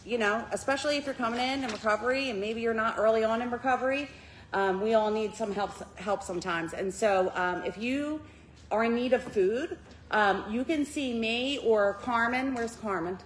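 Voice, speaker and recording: A woman's voice: a little high, fairly quick, a little hiss or hum, low-quality recording. A woman leading a recovery group meeting in a church room, giving chatty announcements and a heartfelt introduction, with many fillers.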